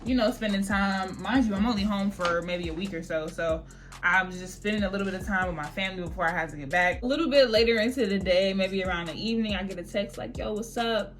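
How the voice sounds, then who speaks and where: A young woman talking through a get-ready-with-me hair routine while she spills a storytime. Her delivery is chatty and slangy, with an exasperated edge. Her voice sits at an ordinary middle pitch, with faint music playing behind her. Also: fast talker. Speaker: beauty vlogger. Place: at home doing her hair.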